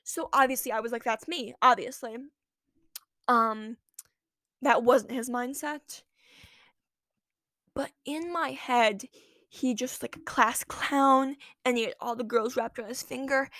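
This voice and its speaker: A teenage girl hosting her own podcast, telling a story in a chatty, animated way that jumps from loud lines to whispered asides. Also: a little high, unhurried, long pauses, dry recording, studio quality. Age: late teens. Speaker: podcast host. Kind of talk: casual storytelling monologue.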